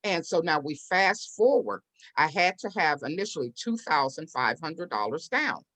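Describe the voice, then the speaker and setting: A woman guest tells her story with lively energy and slips into the voices of the people she quotes. Her speaking voice sits a little low for a woman. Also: normal speed. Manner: animated storyteller who acts out quoted voices. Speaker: real estate investor and business owner, interview guest. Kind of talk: storytelling in an interview.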